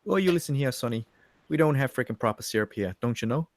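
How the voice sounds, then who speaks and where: A man's voice: medium pitch, lively intonation, quick pace, pitched above the performer's own voice, lightly acted. A man putting on a folksy old man who lectures someone. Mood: scolding.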